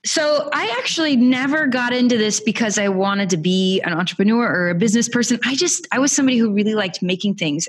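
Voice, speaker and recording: A woman's voice: medium pitch, husky. A woman in her thirties, an entrepreneur guest on a podcast, telling her story in an upbeat, eager way. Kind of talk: casual interview storytelling.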